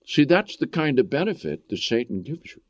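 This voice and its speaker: A man's voice: mid-range voice, very animated, normal speed, darkish tone, no echo. Man preaching an emphatic sermon. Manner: emphatic, full of rhetorical questions. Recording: dull lo-fi recording.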